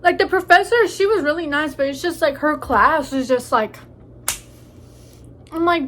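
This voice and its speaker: A woman's voice: high voice, moderate pace, long pauses, fairly bright tone, slight background noise. A young woman in a casual eating vlog, joking and crude, chatting between bites with a stuffy nose from allergies. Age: young adult. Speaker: vlogger. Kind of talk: casual mukbang chat.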